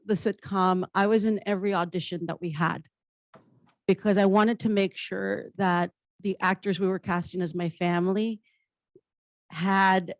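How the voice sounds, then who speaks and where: In candid, conversational storytelling, a female comedian and actress on a panel is humorous, blunt, and casually profane. Her pitch is medium, and the recording is dry with poor audio.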